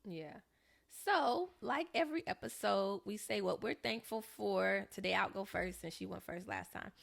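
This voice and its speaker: A woman's voice: medium pitch, normal speed, vocal fry. A young woman from Southern California co-hosting a podcast, telling a story in casual chat and acting out the people she quotes. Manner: animated, acts out quoted voices. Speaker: podcast co-host.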